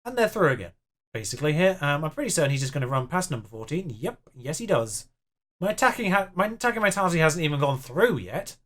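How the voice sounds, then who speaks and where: This is a YouTube gamer, a young man narrating his own match in let's-play style, chatty and poking fun at himself as he mutters through the action. He talks fast, with a fairly high, sing-song voice that has a slightly bright tone.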